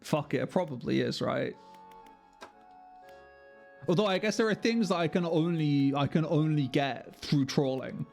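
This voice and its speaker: A man's voice: fairly high pitch, unhurried, creaky, long pauses, darkish tone, soft background music. A man streaming a game live, chatting with viewers, sweary and self-mocking. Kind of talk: live gameplay commentary.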